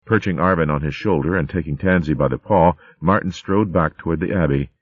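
A man narrating a storybook with a steady, vivid reading. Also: deep voice, fairly quick, slightly rough, no room sound, lo-fi sound.

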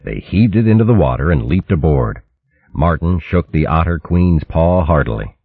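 A man narrating a storybook in an even, measured reading. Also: rumbling low, slightly rough, dry recording, narrow, tinny audio. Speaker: audiobook narrator.

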